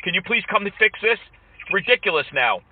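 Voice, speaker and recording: A man's voice: high-pitched, big pitch swings, quick pace, recorded from a distance, slight background noise. A man making a prank phone call, complaining with mock indignation and needling the person on the line. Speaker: prank caller trolling scammers.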